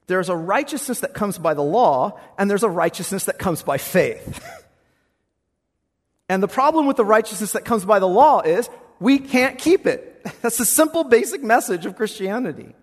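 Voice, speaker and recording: A male pastor preaching a sermon, expressive, swinging between loud passages and hushed ones. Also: sits high, normal speed, slightly rough, long reverb tail.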